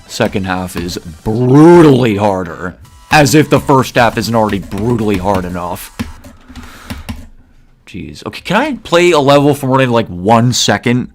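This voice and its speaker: A man's voice: on the low side, lively intonation, a little slow, soft background music. A man giving casual, opinionated gaming commentary, rambling and peppering his talk with fillers. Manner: opinionated, rambling, heavy use of "like". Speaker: gaming video creator.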